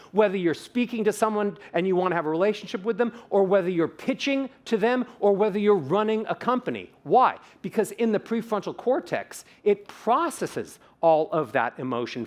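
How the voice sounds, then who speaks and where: Middle-aged male voice coach on stage, high-pitched and very lively, performs his examples and quizzes the crowd. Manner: theatrical, demonstrates voices, asks audience questions. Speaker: voice coach giving a keynote talk. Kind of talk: animated conference keynote.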